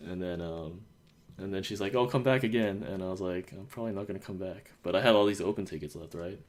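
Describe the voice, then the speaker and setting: A man's voice: sits low, steady tone, fast. A young man from the United States telling stories in a casual podcast chat, rambling with lots of fillers and acting out quotes. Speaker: podcast host.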